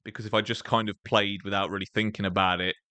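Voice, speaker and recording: Man, English accent, young adult, casual gameplay streamer, chatty, lowish pitch. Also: flat delivery, quick pace, sharp tone, clear, resonant tone, no room sound. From England. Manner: chatty, laughs often, says "like" and "mate" a lot. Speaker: gaming streamer.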